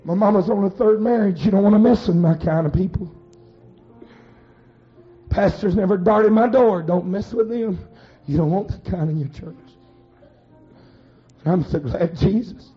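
A man preaching a fervent storytelling sermon, dramatic and swinging from hushed to shouted. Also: sits high, normal speed, long pauses, faint music behind. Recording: dull lo-fi recording.

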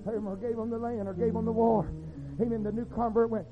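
A man preaching a sermon, telling stories in a rhythmic, folksy way that swings from hushed to shouting. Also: very high voice, level tone, fairly quick. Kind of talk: sermon storytelling. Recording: tinny phone-like sound with faint music.

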